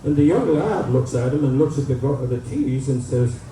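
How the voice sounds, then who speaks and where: A man's voice: medium pitch, lively intonation, normal speed, warm tone. A man, emceeing an event and telling folksy jokes with plenty of uhs. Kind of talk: joke telling at a community event. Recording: echoey PA, distant mic, faint noise.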